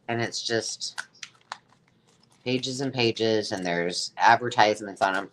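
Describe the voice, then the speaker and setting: A woman's voice: rumbling low, slow, a little hiss or hum. Chatty woman rambling through a live sale. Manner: rambling, chatty, exclaiming over items. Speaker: host selling craft supplies. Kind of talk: casual live sale chat.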